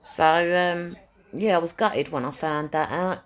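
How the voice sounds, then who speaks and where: A chatty woman with a slightly low voice, talking casually to camera. She rambles warmly through her thoughts, repeating key phrases for emphasis and dropping in plenty of fillers. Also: measured pace. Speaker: pet owner and animal rescuer.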